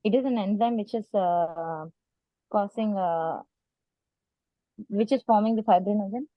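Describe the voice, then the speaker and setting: A woman's voice: mid-range voice, unhurried, no room sound. Indian woman unsure, lots of uhs, dry muffled phone sound. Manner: hesitant, polite, many fillers. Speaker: student doctor. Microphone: phone on a video call. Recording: dry, dull phone call audio.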